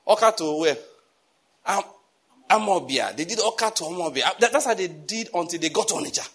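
Husky Nigerian preacher, storytelling. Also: male voice, high-pitched, brisk. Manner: animated, laughing asides, mixes in pidgin. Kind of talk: storytelling sermon.

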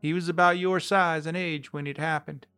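A man voicing an older motherly ranch woman who speaks softly and tenderly. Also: a little high, steady tone, normal speed, smooth, soft background music. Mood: tender, sad. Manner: soft, motherly.

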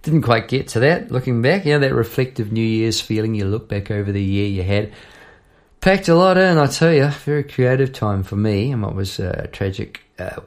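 A middle-aged man with a New Zealand accent, hosting a songwriting podcast in a relaxed, rambling chat with many restarts. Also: lowish voice, moderate pace, hardly any pauses.

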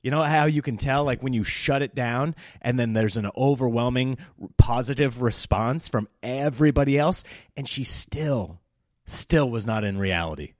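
Man, comedian podcast host, casual storytelling, sarcastic and animated, mid pitch, dry close sound. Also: normal speed, no room sound.

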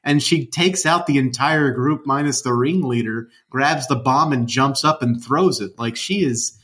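This podcast co-host chats about movies in a loose, rambling, excited way. He has a mid-range, fairly bright voice and talks a little slowly.

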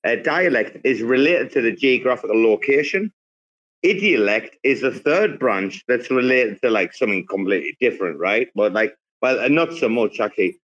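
A man's voice: mid-range voice, expressive, moderate pace, a bit bright, muffled recording. A man from England hosting a casual group chat, rambling with lots of fillers and restarts. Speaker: host. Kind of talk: casual group chat on a live audio space.

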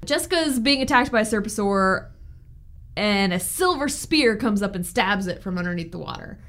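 A woman's voice: medium pitch, expressive, moderate pace, fairly bright tone. A woman co-hosting a casual book podcast, recapping chapters with blunt, frank opinions. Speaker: podcast co-host. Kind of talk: casual book-club chat.

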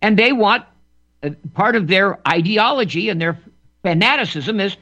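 A man's voice: high voice, expressive, normal speed, bright, forceful tone. A man giving an emphatic political monologue as a commentator, often repeating words and restarting phrases. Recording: dull lo-fi recording.

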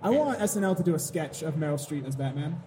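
A man's voice: fairly high pitch, lively intonation, fast, background noise. A man co-hosting a podcast live at a comic convention, laughing easily and pushing the conversation on. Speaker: podcast co-host.

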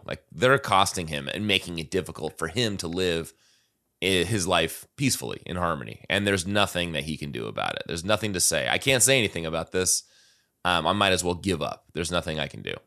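A man's voice: deep voice, animated, fairly quick, vocal fry, bright, forceful tone. A man co-hosting a casual talk show, reading song lyrics aloud and thoughtfully picking them apart with plenty of fillers. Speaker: podcast co-host discussing song lyrics. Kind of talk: casual conversational analysis.

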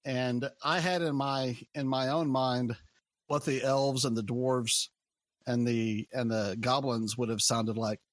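A man chatting casually about games in a relaxed, rambling way that trails off. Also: mid-range voice, slow pace, no echo. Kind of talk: casual chat.

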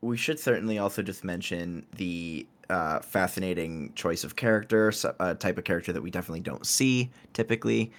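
A man's voice: deep voice, a little fast, hardly any pauses. A man co-hosting a book podcast, stumbling over restarts and speaking emphatically, with casual swearing. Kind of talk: casual book-club chat.

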